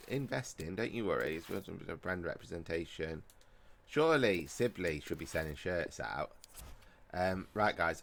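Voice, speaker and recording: A man giving casual, excitable commentary on a football video game, bantering and laughing at the plays. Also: extremely low pitch. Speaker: gaming YouTuber. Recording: music playing under voice.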